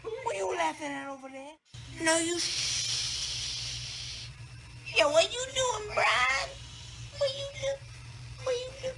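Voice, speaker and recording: A woman in a played clip, rambling loopily, slurring and shouting at random. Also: very high voice, lively intonation, slow, vocal fry, pauses often, very noisy. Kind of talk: loopy rambling.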